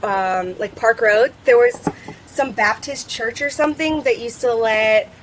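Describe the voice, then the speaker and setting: A woman's voice: a little high, measured pace, a little hiss or hum, poor audio. A woman in her thirties from North Carolina, chatting casually and laughing often as a guest. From Charlotte, North Carolina. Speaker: guest, plant grower. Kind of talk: casual chat.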